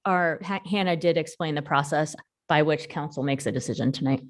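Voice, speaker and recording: A woman chairing a city council meeting, running it in a brisk, procedural way. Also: deep voice, a little hiss or hum.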